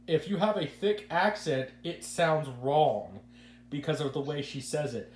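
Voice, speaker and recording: On a casual podcast, the host rambles through his opinions, often repeating words when beginning a sentence. His voice is a little high with a darkish tone, at a measured pace, and the recording has an echoey room and a faint hum.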